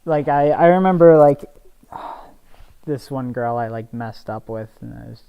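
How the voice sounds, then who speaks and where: A young man co-hosting a casual gaming podcast, talking at an everyday pitch. He rambles in halting bursts, circling back and restarting his sentences, and sounds a little spaced out. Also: gravelly, clean tone, highs cut off. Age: young adult. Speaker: podcast co-host. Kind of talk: casual chat while gaming.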